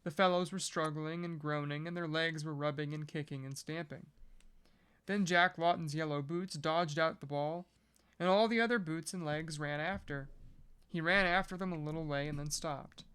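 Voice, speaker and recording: Podcast reader going through a novel out loud, smooth clear voice, mid pitch, steady reading. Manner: measured reading with casual joking asides.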